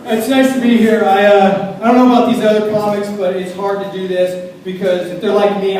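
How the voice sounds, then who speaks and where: A man from small-town Maine doing a loud, self-deprecating stand-up set on a club stage, yelling his punchlines. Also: high voice, slight background noise. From small town in Maine, USA. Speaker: stand-up comedian. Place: comedy club stage in a large room. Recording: echoey club room from far off, audience crowd.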